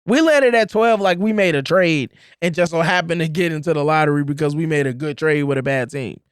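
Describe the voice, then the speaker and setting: A man co-hosting a sports podcast, talking in an animated, emphatic way and repeating words for effect. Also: on the high side, a little fast, clear, resonant tone, no echo, clean studio sound. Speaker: podcast co-host. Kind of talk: casual sports chat.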